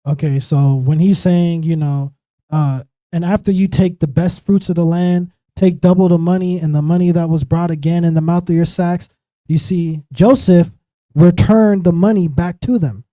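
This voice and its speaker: A man teaching a Bible study in a casual, animated way, acting out the biblical figures in everyday slang. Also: fairly high pitch, normal speed, dry recording, low-quality recording. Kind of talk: sermon-style Bible teaching.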